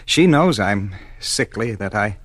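An actor playing a sickly, self-pitying husband in a 1940s radio drama, halting and stammering. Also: male voice, fairly low pitch, lively intonation, fairly bright tone, no room sound.

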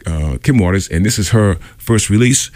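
In a dry recording, a man with a lowish, slightly mellow voice and lively intonation tells a casual anecdote on his radio show at normal speed. He rambles, fills gaps with fillers, and acts out quoted voices.

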